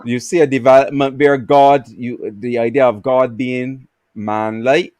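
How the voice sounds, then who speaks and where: A man on a video call in a casual livestream discussion, explaining slowly with many fillers and restarts. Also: medium pitch, steady tone, darkish tone, no echo, muffled recording.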